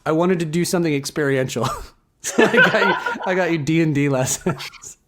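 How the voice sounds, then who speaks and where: A man's voice: a little high, fairly quick, heavy background noise. Playful laughing male co-host. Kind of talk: casual comedy chat.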